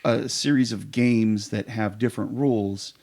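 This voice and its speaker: A man's voice: lowish voice, steady tone, moderate pace, gravelly, a little mellow. A man chatting casually on a podcast as a guest improv performer, telling eager, rambling stories full of fillers.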